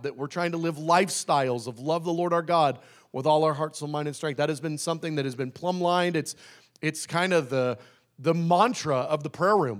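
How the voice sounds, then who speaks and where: A pastor preaching a sermon in a conversational way, slowing down to stress key phrases. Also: male voice, fairly high pitch. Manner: conversational, with restarts and emphatic slowed phrases.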